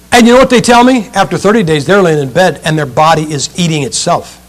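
A man preaching a sermon in an animated, joking way, firing off rhetorical questions to his listeners. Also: on the high side.

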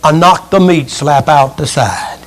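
A man voicing an excitable Southern workman retelling a mishap in loud, animated bursts. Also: a little high, a little slow, close to an everyday voice. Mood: excited.

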